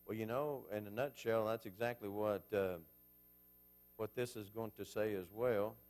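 A man's voice: fairly low pitch, steady tone, normal speed, a little mellow. A man preaching a Bible class sermon in a conversational way, asking the congregation questions as he goes.

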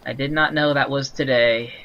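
A man's voice: medium pitch, fairly even intonation, moderate pace, pushed and bright, dull audio, slight background noise. A man giving casual gameplay commentary, rambling, sarcastic and swearing as he complains. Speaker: let's play gamer.

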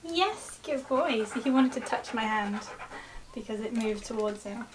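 A woman's voice: fairly high pitch, steady tone, normal speed. A woman in a casual how-to vlog, chatting to the viewer while giving her dog short commands and cheerful praise. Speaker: dog trainer. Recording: distant mic with clear background noise.

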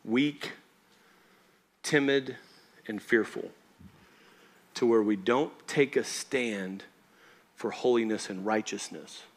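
A man's voice: fairly low pitch, slow pace, long pauses. A man preaching a church sermon, talking to the congregation in a conversational, emphatic way and often checking that they follow. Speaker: pastor.

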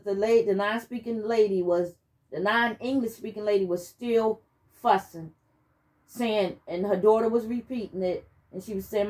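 A woman sharing a personal testimony as she hosts her channel, telling it in an animated, emphatic way and speaking directly to her listeners. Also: fairly high pitch. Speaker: channel host giving testimony.

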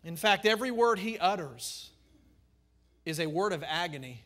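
A man preaches with fervor, building his points through rhythmic repeated phrases. His voice sits high and rings bright and forceful. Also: lively intonation, moderate pace. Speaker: pastor. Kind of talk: sermon.

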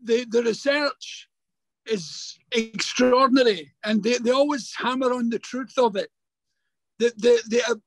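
Older male actor guest, unusually high pitch, chatty and stumbling storyteller. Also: dry recording, low-quality recording. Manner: halting, repeats words, animated anecdotes. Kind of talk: remote interview, casual storytelling. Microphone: video call.

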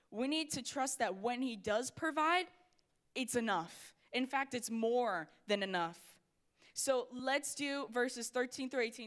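A young woman preaching to a youth crowd with a bright, fairly high voice. She is energetic and playful, calling out to the room as she goes. Her delivery is conversational and full of asides. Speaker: youth pastor. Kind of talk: youth sermon. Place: church hall before a youth crowd.

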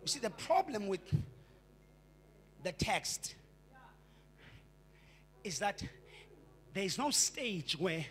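High, lively Xhosa-accented male pastor. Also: slow, long pauses, a little hiss or hum. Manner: fervent, repetitive preaching, often stutters into his points; switches between English and isiXhosa. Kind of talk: sermon. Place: church.

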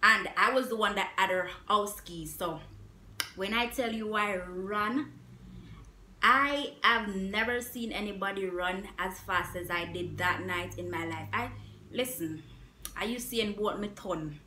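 A young woman vlogger telling a story in a casual, animated way, repeating herself with emphatic asides. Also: mid-range voice, a little slow, a little hiss or hum. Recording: echoey room.

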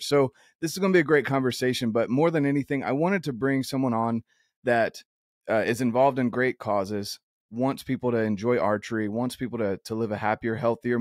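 A man's voice: medium pitch, no room sound, studio quality. A man hosting an outdoors podcast, talking earnestly in a rambling way with many restarts. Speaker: podcast host. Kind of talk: casual interview chat.

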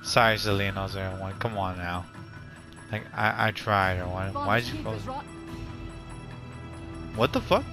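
A man's voice: sits low, level tone, normal speed. Frustrated, swearing young gamer man. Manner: frustrated, swearing, rambling reactions. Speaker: gaming commentator. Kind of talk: casual live gameplay commentary. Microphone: gaming headset. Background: loud game music.

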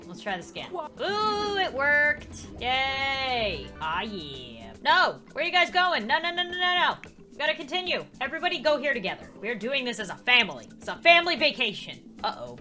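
A woman's voice: high voice, very animated, normal speed, sharp tone, faint music behind. A young woman playing a life-simulation game and commenting, reading the game text aloud, often shrieking and laughing. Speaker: gaming YouTuber. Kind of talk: Let's Play commentary.

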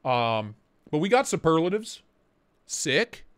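A man hosting a relaxed livestream chat in a voice a little high for a man. His pitch jumps around in a very lively way. He sounds easily excited and loose, full of slang and the odd curse. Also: takes it slowly, clean tone. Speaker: livestream host.

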